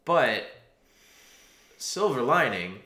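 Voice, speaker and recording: A man's voice: mid-range voice, very animated, extremely slow, pushed and bright, echoey room. A man co-hosting a casual chat who laughs often and gives thoughtful, hesitant commentary. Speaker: podcast co-host. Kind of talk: casual chat reacting to song lyrics.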